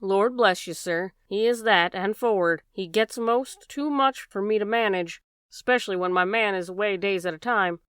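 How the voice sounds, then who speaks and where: A woman's voice: medium pitch, moderate pace, a bit bright, smooth, no room sound, clean studio sound, natural voice. A woman voicing a worried, chatty working-class boatman's wife in an audiobook reading. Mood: fretful. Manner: chatty, plain-spoken, dropped endings.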